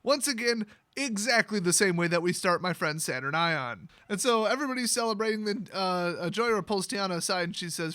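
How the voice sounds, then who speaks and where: A man's voice: sits high, expressive, fairly quick, hardly any pauses, sharp tone, no room sound. A man hosting a video, retelling a fantasy novel with sarcastic, mocking asides. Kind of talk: sarcastic comedic story retelling.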